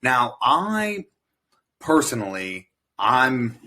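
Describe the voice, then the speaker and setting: An American man with a bright, forceful voice, talking casually on a podcast. He tells stories with energy, slipping into the voices of the people he quotes and swearing freely. His pitch sits in an ordinary middle range. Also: very slow. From United States. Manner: animated storyteller who acts out quoted dialogue and swears freely. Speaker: podcast guest, military veteran. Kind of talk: casual chat.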